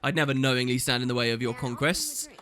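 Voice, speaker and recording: A man voicing a charming, roguish young nobleman with a smooth, teasing delivery. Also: medium pitch, huge pitch swings, quick pace, pushed and bright.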